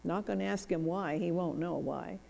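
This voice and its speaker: A woman's voice: on the low side, moderate pace, gravelly, mellow, in a large hall. A woman giving a storytelling lecture as a guest speaker, acting out both sides of conversations. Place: church hall.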